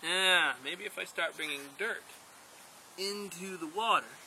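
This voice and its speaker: A man's voice: high voice, a little slow, slight background noise, exaggerated voice, poor audio. A man voicing a naive, eager first man full of childlike wonder, told as a story. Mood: puzzled. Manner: excited, puzzled, childlike wonder.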